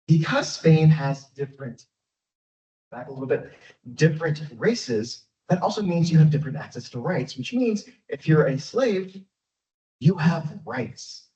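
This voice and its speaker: Male guest lecturer, lively and conversational, pitch swings a lot; recorded from afar in an echoey hall. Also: measured pace, pauses often. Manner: lively, conversational, frequent fillers. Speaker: guest speaker, history lecturer. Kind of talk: public history lecture. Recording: echoey, dull, from far off.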